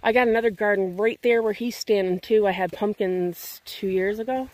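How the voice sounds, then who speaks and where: A woman's voice: mid-range voice, steady tone, normal speed, no echo. Woman chatting outdoors in her garden. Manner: keeps calling loudly for her dog. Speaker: vlogger livestreaming her garden. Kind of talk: casual livestream chat. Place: outdoors in a rural yard and garden.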